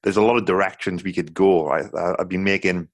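Deep-voiced podcast host, dry sound. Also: male voice, steady tone, brisk, no room sound. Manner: friendly, rambling, lots of fillers and "right?" checks. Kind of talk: casual interview. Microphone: video call.

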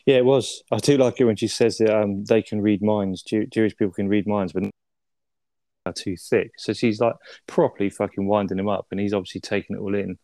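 A man chats through a casual film review in a laid-back way, swearing and ending his points with tag questions. His voice is fairly low, recorded dry and close. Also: steady tone, fairly quick, mellow, no echo. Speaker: podcast co-host.

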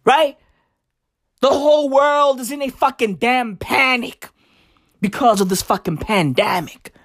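Slow, high-voiced woman ranting in stand-up. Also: no echo, studio quality. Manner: profane and emphatic, with slangy asides. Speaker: comedian. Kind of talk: stand-up comedy rant.

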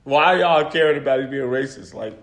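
A man's voice: medium pitch, fast. A young man co-hosting a podcast, telling stories with giggles and cursing. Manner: animated, giggly storytelling, profane. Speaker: podcast co-host. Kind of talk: casual chat. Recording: echoey room.

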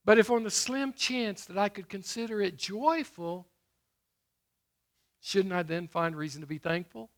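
Middle-aged guy preaching, slow and punchy, keeps asking the crowd "what?", bright tone. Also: high-pitched. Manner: emphatic, call-and-response questions to listeners; slows down to stress scripture. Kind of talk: sermon.

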